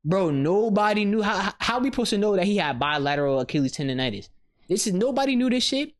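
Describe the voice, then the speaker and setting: A man co-hosting a podcast in casual chat, ranting with loose, animated outrage and plenty of swearing. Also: high voice, fast. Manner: animated, swears freely, rants with mock outrage. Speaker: podcast co-host.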